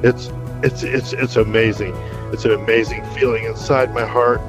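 A man giving an emotional testimonial in a halting way, close to tears. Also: medium pitch, steady tone, music in the background. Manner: halting, with many restarts. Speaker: program participant giving a testimonial. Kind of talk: interview testimonial.

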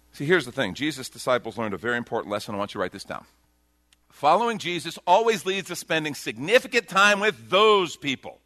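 A man preaching to his congregation with a bright, forceful voice, pitched a little high for a man. He moves between quiet, slow reflection and loud, quick bursts of self-mocking humor. The sound is close and dry. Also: sing-song, no room sound. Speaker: pastor. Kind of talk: sermon.

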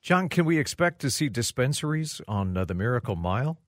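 Joking male co-host, wry and teasing, lively up-and-down pitch. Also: brisk, no echo, studio quality. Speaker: radio co-host. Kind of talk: casual radio banter.

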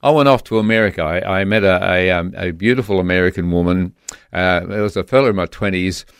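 An Australian man speaks as a guest on a radio interview, earnest and a little halting, often circling back to restart a thought. His voice sits low. The studio sound is close and dry with no room echo. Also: clean tone. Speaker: guest author.

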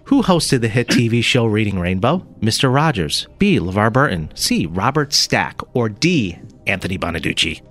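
With faint music behind him, a mid-range male voice moves at a moderate pace and barely pauses. He's a radio morning show co-host leading a lighthearted quiz, reading the multiple-choice options aloud and cheerfully ribbing the contestants.

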